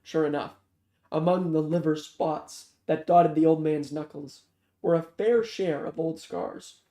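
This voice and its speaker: A man narrating a novel aloud in a steady, measured way. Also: a little high. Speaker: audiobook reader. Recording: roomy echo.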